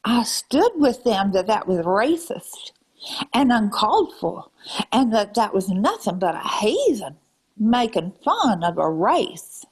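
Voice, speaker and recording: Scolding her live-stream audience, a woman uses a fake Southern US drawl and terms like ma'am and darling, now and then dropping into breathy half-whispers. She speaks slowly in a husky, medium-pitched, sing-song voice. It's a low-quality recording of a lecturing rant.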